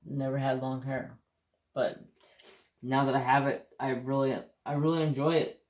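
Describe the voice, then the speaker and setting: A man's voice: medium pitch, little pitch movement, normal speed, a little mellow, reverberant. A man with an American accent hosting a casual livestream chat, rambling and swearing as he tells stories, with hiccups. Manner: rambling, profane, easygoing storytelling. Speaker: craft channel host.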